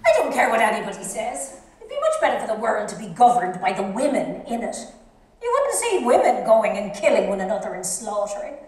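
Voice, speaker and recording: An actress playing a frank, earthy middle-aged wife musing aloud in bed, wry and chatty. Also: female voice, wildly swooping pitch, brisk. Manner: chatty, wry, swinging pitch. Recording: very echoey hall.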